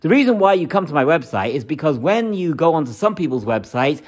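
A middle-aged man, an astrologer, talking casually in a rambling, animated monologue that keeps repeating its key words. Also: a little high, a little fast.

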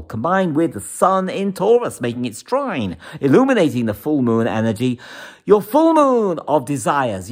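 A man giving an emphatic, repetitive horoscope monologue as an astrologer, often laughing. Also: a little high.

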